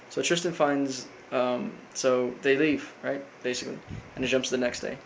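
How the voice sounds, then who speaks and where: A man casually recapping a cartoon episode, rambling with lots of fillers and flat quoted lines. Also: medium pitch, fairly quick, vocal fry, few pauses, a little hiss or hum, poor audio. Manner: rambling, full of fillers, quotes characters flatly. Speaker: recap host.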